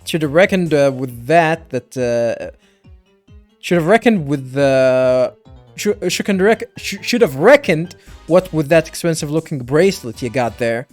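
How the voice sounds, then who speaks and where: A man voicing a sly, folksy old male caretaker, reading haltingly in his own voice with a lively pitch. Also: faint music behind. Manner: reads without a put-on accent, halting. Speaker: caretaker character.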